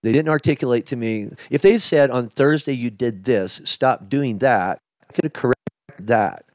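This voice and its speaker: A middle-aged man, a pastor, telling his story in a candid interview, halting with many restarts. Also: medium pitch, darkish tone, no echo, clean studio sound. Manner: emotional, halting, with many restarts and quoted asides. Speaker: lead pastor.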